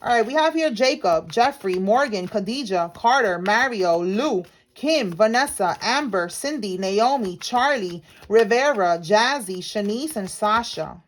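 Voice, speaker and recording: A woman's voice: medium pitch, expressive, measured pace, hardly any pauses. A woman giving a casual tarot reading to her viewers, talking in a slangy, blunt way and calling them y'all. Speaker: tarot reader.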